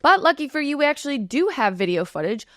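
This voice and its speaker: A woman's voice: sits high, sing-song, quick pace, no echo, studio quality. A woman hosting a political commentary show, talking casually and sarcastically and laughing often.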